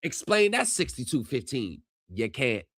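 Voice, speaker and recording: A man live-streaming reactions to court footage, talking straight to his viewers and shouting at the screen. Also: medium pitch, very animated, a little slow, slight background noise. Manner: heated, yells at the screen; addresses viewers directly.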